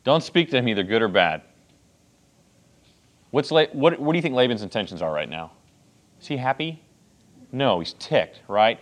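A man's voice: mid-range voice, very animated, normal speed, long pauses. A man teaching a Bible passage to a group in a casual, conversational way. He checks in often with "okay" and "right.". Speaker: pastor teaching a Bible study.

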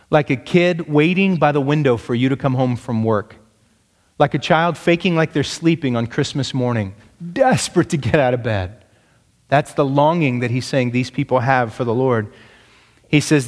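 A pastor preaches emphatically in a large hall, raising his pitch to stress key points. He puts rhetorical questions to the congregation.

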